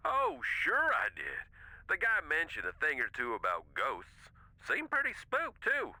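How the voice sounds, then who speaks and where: An actor voicing a wisecracking young husband with a Southern US accent, drawling and joking in folksy slang. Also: male voice, fairly high pitch, huge pitch swings, normal speed, pushed and bright, no echo, exaggerated voice, poor audio. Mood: easygoing.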